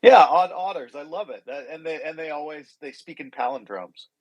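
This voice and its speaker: A man's voice: on the high side, normal speed, lo-fi sound. A man hosting a live audio chat room, welcoming guests in an upbeat, chatty way. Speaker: host.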